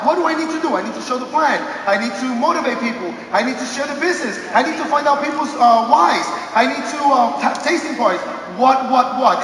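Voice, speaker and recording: A man giving an energetic motivational speech on a convention stage, telling stories and often calling out "guys" to the audience. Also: very high voice. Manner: energetic, storytelling, often calls out "guys", bursts into shouts. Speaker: motivational speaker at a business convention. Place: large convention hall stage. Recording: echoey hall, distant mic, audience noise.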